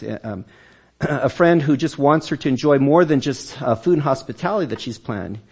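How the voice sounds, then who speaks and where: A man's voice: mid-range voice, vocal fry, a little mellow, husky. A man preaching a sermon as pastor of a church, talking in a conversational way and often repeating and restarting words.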